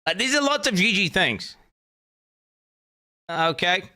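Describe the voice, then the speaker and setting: A man's voice: high voice, sing-song, slow pace, bright, forceful tone. A young man streaming live, reacting to a game announcement, thinking aloud, repeating himself and swearing casually.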